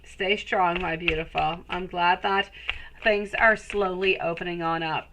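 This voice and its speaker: A woman's voice: fairly low pitch, fairly even intonation, unhurried, noisy background. A woman giving a live-stream tarot reading, chatty and affectionate, calling viewers sweetie. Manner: chatty, rambling with restarts. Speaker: tarot reader.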